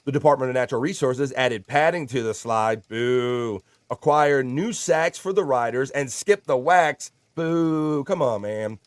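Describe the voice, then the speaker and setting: A man's voice: mid-range voice, moderate pace, hardly any pauses, no echo, clean studio sound. A man hosting a casual livestream, chatting and reading viewer comments aloud in a jokey, playful way. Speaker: livestream host.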